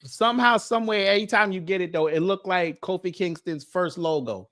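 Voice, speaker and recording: A man runs a casual commentary stream. He reads through a list and jokes with his audience as he talks. His voice sits a little higher than most men's. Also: moderate pace, a bit bright. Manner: joking, talks straight to his viewers.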